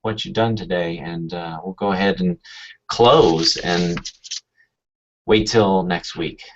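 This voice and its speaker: Easygoing host with a lowish voice. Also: male voice, takes it slowly, a little hiss or hum. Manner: easygoing, hesitant with many fillers. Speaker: show host. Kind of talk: casual online video chat. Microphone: video call. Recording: dull lo-fi video call audio.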